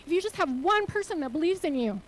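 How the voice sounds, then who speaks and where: A woman's voice: very high voice, expressive, fast, slight background noise, rough recording. A woman speaking as a nonprofit CEO giving a motivational conference talk on a stage, earnest and full of rhetorical questions to the audience.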